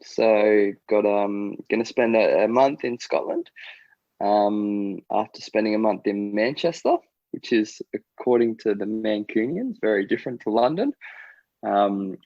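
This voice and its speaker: Gravelly low-voiced man, easygoing chat. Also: measured pace, a little mellow, dry recording, dull audio. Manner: easygoing, chatty, with many ums and little laughs. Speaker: podcast co-host. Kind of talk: casual chat.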